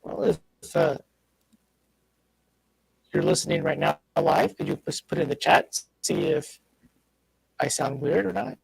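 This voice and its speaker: A man's voice: medium pitch, sing-song, unhurried, creaky, pauses often, breathy edge, no room sound, low-quality recording. A man co-hosting a casual podcast over a call, laid-back with dry short replies, his voice sounding robotic from a bad connection. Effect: robotic-sounding connection glitch. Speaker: podcast co-host. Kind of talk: casual chat.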